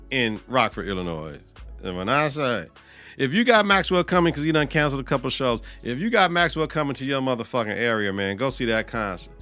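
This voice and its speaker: Animated, bright-voiced podcast host. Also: male voice, medium pitch. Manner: animated, heavy cursing, swings loud and soft. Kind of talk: profane casual rant.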